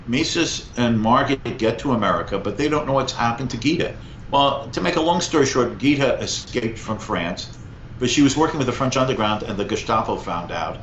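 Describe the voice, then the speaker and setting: A man in his sixties, a guest professor, telling historical anecdotes in an animated conversational interview. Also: mid-range voice, slight background noise. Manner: animated anecdote teller, lively vocal emphasis. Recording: echoey, slightly muffled room.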